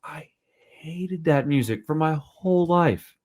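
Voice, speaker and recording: A man's voice: on the high side, animated, takes it slowly, a little mellow. A man hosting a podcast in casual chat, rambling and swearing freely, self-deprecating. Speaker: podcast host.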